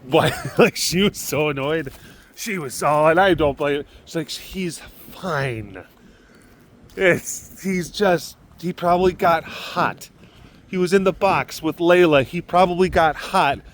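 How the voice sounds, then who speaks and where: A man's voice: fairly high pitch, a little slow, a little hiss or hum. Chatty man on a cold outdoor walk. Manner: chatty, rambling, talks softly to the big cats. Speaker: animal caretaker and vlogger. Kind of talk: casual walking vlog. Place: outdoors at an animal facility in cold weather.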